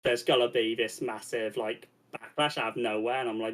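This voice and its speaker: A man's voice: medium pitch, level tone, normal speed, few pauses, fairly bright tone. A man, a stand-up comedian on a discussion panel, telling a rambling story with many restarts. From Britain. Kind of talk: casual panel chat.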